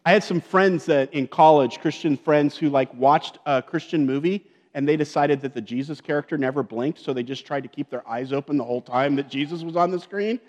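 Chatty pastor with a higher male voice, reverberant hall. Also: a little fast, hardly any pauses. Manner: chatty, joking asides, keeps checking in with "okay?" and "right?". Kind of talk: conversational sermon. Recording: long reverb of a large hall.

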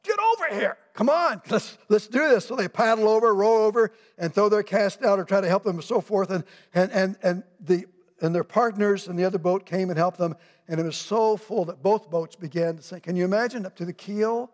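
High-voiced man preaching in a reverberant church. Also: fairly quick. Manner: animated, acts out voices of people in the story. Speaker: pastor. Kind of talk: sermon. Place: church sanctuary. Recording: long reverb of a church hall.

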